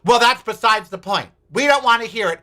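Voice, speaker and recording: A man's voice: very high-pitched, lively intonation, a little fast, bright, forceful tone, pitched above the performer's own voice, heavily acted. A man quoting a stern middle-aged mother who scolds him curtly. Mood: disapproving. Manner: curt, disapproving.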